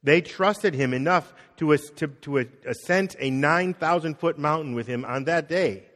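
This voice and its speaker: A middle-aged man, a pastor, preaching a conversational sermon, acting out quotes and dropping soft on key words. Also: a little high, moderate pace. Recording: long reverb of a hall.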